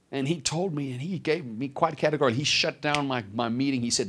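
A man preaching a sermon, telling his own story with lively storytelling and acted-out voices. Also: mid-range voice, quick pace, hardly any pauses, breathy edge. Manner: animated storytelling, acts out voices. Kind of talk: sermon testimony.

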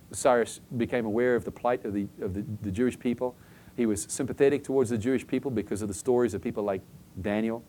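A warm, fairly low male voice, accompanied by a little hiss or hum, delivers a conversational sermon. Chatty throughout, he keeps saying "okay?" to check in and acts out little everyday scenarios to make his point.

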